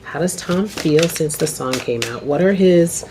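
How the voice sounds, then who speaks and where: A woman's voice: low voice, lively intonation, a little slow. A woman doing a casual, rambling tarot reading to camera, often asking okay. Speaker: tarot reader. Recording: noisy home video recording.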